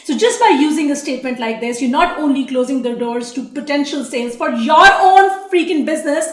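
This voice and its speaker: Woman, high voice, blunt sassy coach, casual swearing, echoey room. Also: fairly quick. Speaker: online marketing coach. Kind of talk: talking-head teaching video.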